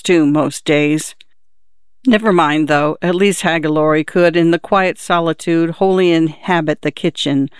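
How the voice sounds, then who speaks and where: A woman reading short stories aloud for a radio program, in a measured, even manner with quiet voices for the dialogue. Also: deep voice, smooth, no echo, clean studio sound. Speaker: radio story reader. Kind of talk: scripted narration of short stories.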